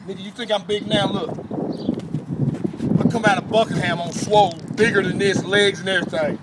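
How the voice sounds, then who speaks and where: A man telling a story in casual, animated talk, cursing and laughing as he goes, recorded outdoors from some distance. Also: high-pitched, normal speed. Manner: animated, profane, laughing often. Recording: far from mic, loud street and car noise.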